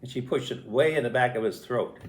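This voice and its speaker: An older man tells a family story in a casual, animated way, putting on voices and little sound effects as he goes. His voice sits at a middling pitch for a man. The recording has a roomy echo around it. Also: brisk.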